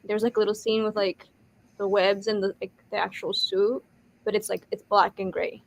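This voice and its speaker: A woman with a mid-range pitch and a flat, even delivery. She speaks hesitantly in casual chat and keeps filling gaps with "like". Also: moderate pace, vocal fry. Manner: hesitant, heavy use of "like".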